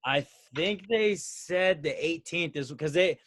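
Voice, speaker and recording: Laid-back young wrestler telling stories. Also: male voice, on the high side, takes it slowly, a bit bright, no room sound, clean studio sound. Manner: laid-back anecdotal storyteller, says "bro". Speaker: professional wrestler, guest. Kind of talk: casual chat.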